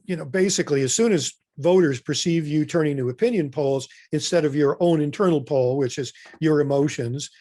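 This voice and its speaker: A man's voice: on the high side, mellow, no echo. A man presenting an informal webinar training, talking loosely with many fillers and restarts.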